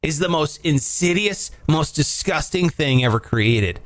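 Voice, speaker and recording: A man's voice: expressive, measured pace. A man hosting a podcast, rambling and swearing in casual, joking banter. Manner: profane, rambling, jokey, big pitch jumps. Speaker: podcast host.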